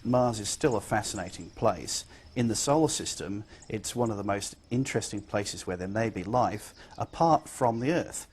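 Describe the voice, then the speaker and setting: A man's voice: lowish voice, expressive, normal speed, a little mellow, slightly rough. A man, a scientist, answering interview questions thoughtfully with occasional fillers.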